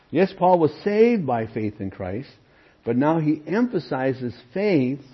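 A man's voice: medium pitch, slightly rough. A man teaching through Bible passages, reading verses aloud with emphasis and asking rhetorical questions. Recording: muffled lo-fi recording.

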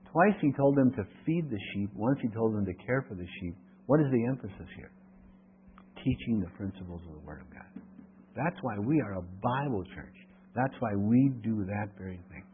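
A man's voice: on the low side, expressive, normal speed, slight background noise. A man preaching an expository Bible sermon. He reads scripture aloud, then explains it and asks the congregation questions. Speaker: pastor. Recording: tinny phone-like radio broadcast.

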